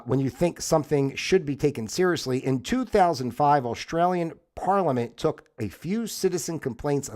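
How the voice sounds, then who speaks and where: A man's voice: fairly high pitch, a little mellow. A man from the United States hosting a livestream, reading fun facts aloud and rambling off into commentary, often stopping and restarting mid-sentence. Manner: rambling, self-interrupting, stumbles over small words. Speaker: livestream host.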